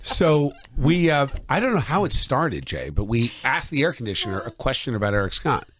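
A man's voice: mid-range voice, very animated, normal speed, fairly bright tone. A man hosting a podcast in casual chat, telling a rambling, playful story and circling back to his point. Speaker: podcast host.

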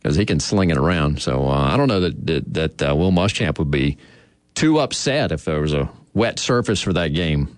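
A man's voice: rumbling low, animated, normal speed, no room sound, studio quality. A man hosting sports radio talk in an easygoing way, laughing often.

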